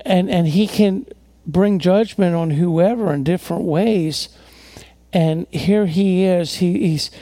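Gravelly man preaching a sermon. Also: sits high, warm tone, dry recording. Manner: earnest storytelling with frequent restarts and repeated words. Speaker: pastor.

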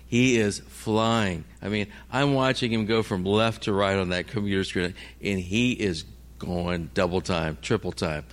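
A man's voice: low-pitched, steady tone, unhurried. A middle-aged man, a missionary preacher, telling a story in a sermon and acting out every voice in it.

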